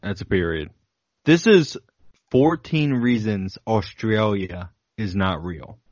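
A man's voice: lowish voice, lively intonation, slow pace, a little mellow, no room sound, muffled recording. A man co-hosting a podcast in casual banter, joking and laughing as he reads from a list. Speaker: podcast co-host.

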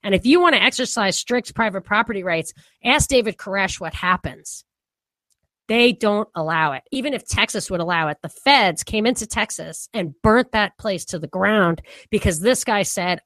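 On a podcast, a woman co-host chats loosely about political ideas, often starting over and quick to laugh. Her mid-range voice is a bit bright with lively intonation, her pace moderate, and there's no room sound.

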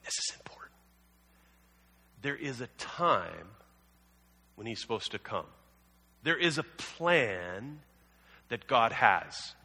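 A man's voice: mid-range voice, sing-song, slow pace, long pauses, pushed and bright, breathy edge. A man preaching a sermon as a pastor, telling the story conversationally with humorous asides. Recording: long hall reverb.

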